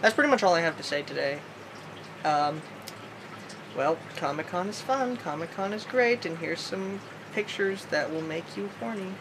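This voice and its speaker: A woman's voice: on the low side, lively intonation, normal speed, background noise. A woman vlogging alone from her bedroom at night, rambling in a silly way with sudden squeals and sing-song bits. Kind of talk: goofy solo vlog.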